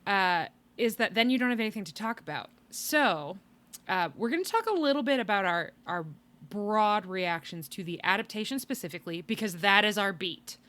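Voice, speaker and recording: A woman's voice: mid-range voice, lively intonation, moderate pace, fairly bright tone. A woman hosting a podcast in casual chat, tired, wry and rambling, with sighs and laughs. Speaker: podcast host.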